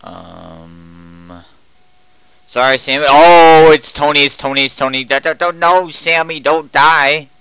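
A young man commenting on a game he is playing at his computer, moving from quiet muttering to loud panicked yelling, with a smooth voice and an unhurried pace. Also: fairly high pitch, fairly even intonation, no echo, low-quality recording. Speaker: gaming commentator. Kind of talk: excited gameplay commentary.

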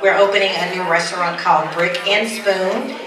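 A woman's voice: fairly low pitch, fairly even intonation, normal speed. A woman from Mississippi introducing herself on a panel, upbeat and promotional. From Vicksburg, Mississippi. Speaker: panelist, blogger. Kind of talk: panel discussion. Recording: echoey room, crowd noise, far mic.

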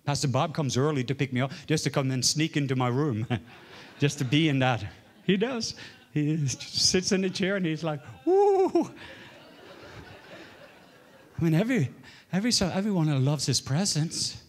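A man in his forties from Norway, preaching a sermon as a story, swinging from loud exclaims to hushed murmurs. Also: sits high. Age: 40s. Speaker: guest preacher.

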